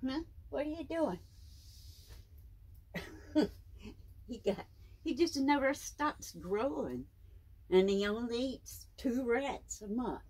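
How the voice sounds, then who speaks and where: A woman in her seventies at home, talking to her pet snake in a high, sing-song baby-talk voice and laughing often. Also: a little mellow, husky. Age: 70s. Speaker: snake owner. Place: indoors at home.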